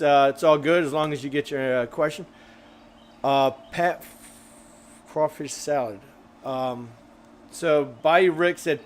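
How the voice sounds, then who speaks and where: A man hosting a grilling live stream. He chats loosely with lots of fillers while reading viewer comments, and he is a bit out of breath. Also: a little high. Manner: loose and rambling, with many fillers.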